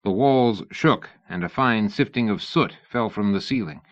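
A man giving steady scripted audiobook narration in a dull lo-fi recording. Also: lowish voice, moderate pace, no echo.

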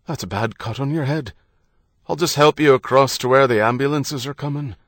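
A man voicing a calm, reassuring policeman in an audiobook. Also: mid-range voice, moderate pace, dry recording, clean studio sound, pitched above the performer's own voice, close to an everyday voice. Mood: calm firm. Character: calm, firm male city policeman.

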